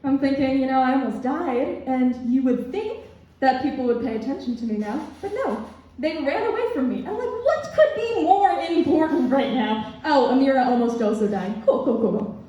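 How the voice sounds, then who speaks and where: A young woman performing a stand-up comedy set at a student club, laughing at her own jokes and filling pauses with ums. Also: high-pitched, animated, mellow. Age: young adult. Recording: echoey, distant, dull room recording.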